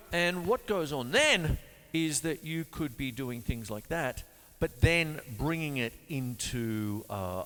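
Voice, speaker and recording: Chatty man teaching drums, reverberant room. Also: mid-range voice. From Australia. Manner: chatty, loose explanations with sung beat syllables. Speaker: drum teacher and show host. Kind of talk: casual drum lesson demonstration. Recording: long hall reverb with loud drums. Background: drum kit playing.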